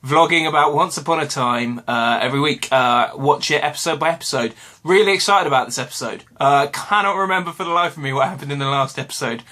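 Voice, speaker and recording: A man's voice: on the high side, fast talker, pushed and bright. A British man reviewing a TV episode in a casual vlog at home, rambling and correcting himself with lots of ums and uhs. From Britain. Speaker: vlogger. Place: home room with washing hung behind.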